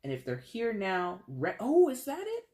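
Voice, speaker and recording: Excitable tarot reader, direct to the viewer, casual with restarts. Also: medium pitch, moderate pace. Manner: excitable, addresses viewer directly, repeats words.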